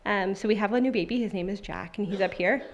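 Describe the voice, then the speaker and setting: This is a woman in her thirties talking fast in a medium-pitched voice, captured on a muffled recording with slight background noise. Speaking at a church service, she offers a personal testimony, conversational and heartfelt with many fillers, then reads scripture aloud.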